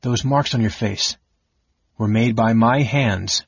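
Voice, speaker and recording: A man's voice: mid-range voice, slow, creaky, breathy edge, no echo, dull audio, exaggerated voice. An audiobook narrator voicing a big hot-tempered male warrior general who speaks angrily and threateningly. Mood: furious. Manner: angry, threatening, through clenched teeth.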